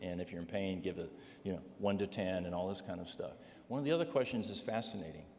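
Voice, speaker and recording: A man's voice: deep voice, quick pace, a little mellow. A man preaching a personal testimony, telling stories and checking in with the congregation with "all right?" asides. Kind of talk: sermon testimony. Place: church sanctuary. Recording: long hall reverb, faint noise.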